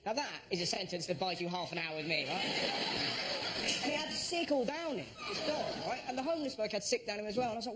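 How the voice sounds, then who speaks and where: A man telling a stand-up anecdote, animated, shouting his punchlines. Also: high-pitched, fast talker. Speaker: comedian. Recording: loud audience noise behind.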